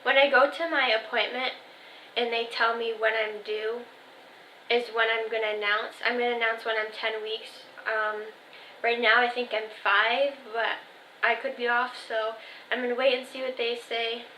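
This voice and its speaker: Chatty twenty-year-old woman, bright voice. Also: fairly high pitch, little pitch movement, moderate pace, slight background noise. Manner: chatty storytelling, full of "like" and "um", quoting family texts. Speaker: vlogger. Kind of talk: casual chat to camera. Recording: echoey room.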